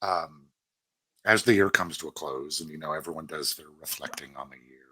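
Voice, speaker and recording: A man's voice: rumbling low, moderate pace, sharp tone, slightly rough, dry recording. A man co-hosting a podcast in casual chat, blunt and joking, swearing freely. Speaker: podcast co-host.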